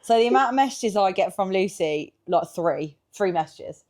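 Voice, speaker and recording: A woman's voice: mid-range voice, lively intonation, normal speed, a little mellow. A woman co-hosting a podcast in casual chat, teasing and pushing her friend with questions. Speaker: podcast co-host.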